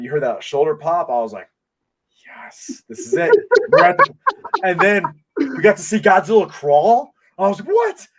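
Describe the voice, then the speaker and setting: A man hosting a casual podcast, talking in an excitable, rambling way full of restarts, into a desk mic. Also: a little high. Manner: excitable, rambling fan talk with many restarts. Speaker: podcast host. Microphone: desk microphone.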